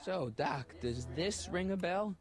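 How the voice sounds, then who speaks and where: A wisecracking teenage hero. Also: male voice, sits high, animated, unhurried. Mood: casual. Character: earnest, quick-witted teenage boy hero. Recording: game audio with music behind.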